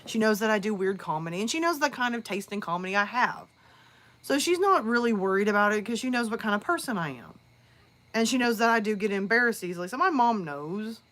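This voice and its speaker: Bright-voiced woman chatting on a live stream. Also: mid-range voice, expressive, fairly quick. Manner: rambling, chatty storytelling with restarts. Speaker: horror narrator and live streamer. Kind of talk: casual live-stream chat.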